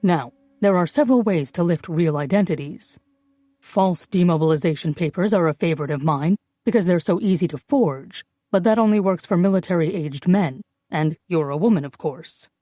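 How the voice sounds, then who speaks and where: A woman voicing a brisk, clever male forger who talks down to people in a dry, condescending way. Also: on the low side, mellow, dry recording, lightly acted.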